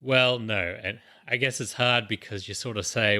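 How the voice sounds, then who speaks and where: A man's voice: lowish voice, fairly even intonation, moderate pace, few pauses, bright, forceful tone. A man co-hosting a podcast, explaining a news story in casual chat with many fillers and restarts. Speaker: podcast co-host.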